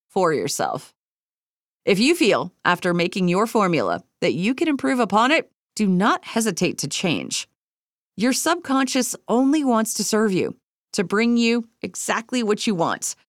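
A woman reading a self-help book aloud as an audiobook, in a measured, earnest way with calm, deliberate repetitions. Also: on the low side, no room sound, studio quality. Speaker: audiobook reader. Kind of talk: scripted audiobook narration of a self-help text.

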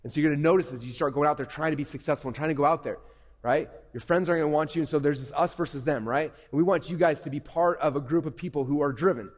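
A man giving an energetic, conversational motivational talk to young people from a stage. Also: on the high side, fast. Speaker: motivational speaker. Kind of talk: live motivational talk to youth. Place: stage at a live event. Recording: echoey hall.

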